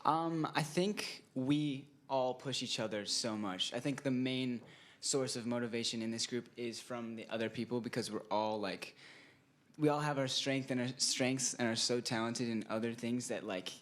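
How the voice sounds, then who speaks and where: A young man answers interview questions earnestly and thoughtfully. His voice is at an ordinary middle pitch. He speaks casually, with the odd "like". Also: moderate pace, fairly bright tone. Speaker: band member.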